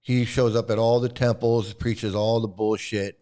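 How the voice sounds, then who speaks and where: A man's voice: fairly low pitch, little pitch movement, measured pace, mellow. A man hosting a commentary channel, giving an angry, profane and mocking rant. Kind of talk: ranting commentary.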